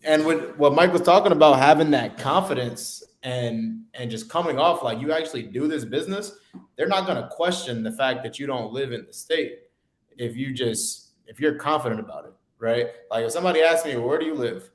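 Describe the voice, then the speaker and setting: A man's voice: medium pitch, animated, fairly quick. A man co-hosting a casual real estate talk show, laid-back and slangy, laughing easily as he talks. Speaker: co-host. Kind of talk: casual podcast chat. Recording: roomy echo.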